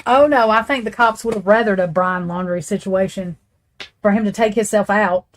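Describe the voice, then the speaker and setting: A woman rambles through casual true crime commentary, blunt and quick to swear. Her voice sits at an ordinary middle pitch. She talks straight to her viewers. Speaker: true crime channel host.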